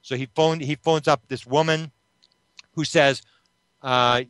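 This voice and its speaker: A man being interviewed, telling a long story with animated retelling, acting out the voices of the people in it. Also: fairly high pitch, measured pace, clear, resonant tone, dry recording. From Canada. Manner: animated retelling that acts out quoted voices, with restarts. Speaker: interview guest, UFO researcher.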